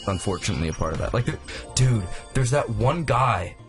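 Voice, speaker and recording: A man's voice: on the low side, expressive, a little fast. A young man hosting a casual chat while playing a game, talkative and opinionated, swearing freely. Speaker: gamer host. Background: faint game music.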